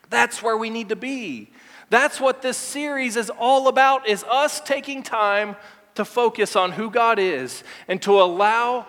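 A male pastor preaching a sermon emphatically, repeating words and slowing to stress key lines. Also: high voice, fairly bright tone. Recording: long hall reverb.

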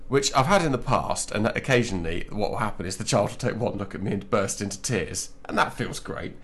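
A man's voice: lowish voice, animated, a little fast, few pauses, a bit bright, a little hiss or hum. Playful laughing male radio co-host. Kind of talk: casual radio chat.

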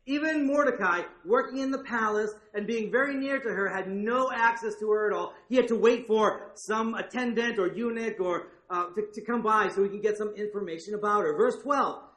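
A man's voice: high-pitched, fairly quick, hardly any pauses, fairly bright tone, reverberant. A male pastor preaching a sermon in a conversational way, with frequent asides and check-ins with his listeners.

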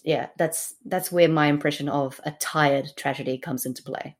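A woman's voice: deep voice, steady tone, normal speed, few pauses. Woman co-host, casual and profane, hesitant. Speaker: podcast co-host. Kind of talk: casual discussion.

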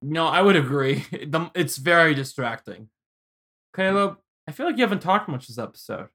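A man co-hosting a film podcast, chatting casually, laughing often and acting out scenes in quick bursts. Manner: animated, laughing, jumps between pitches, acts out scenes. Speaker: podcast co-host.

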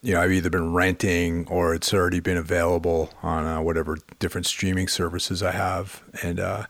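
Low-voiced man, casual chat, hesitant, dry close mic. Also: flat delivery, dry recording. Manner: measured, hesitant, many fillers.

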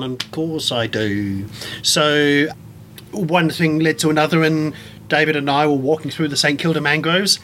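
Enthusiastic male guest, fairly high voice, lively storyteller, faint hiss behind. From England. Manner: animated, enthusiastic, many restarts. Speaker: guest, science communicator and performer. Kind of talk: casual storytelling interview.

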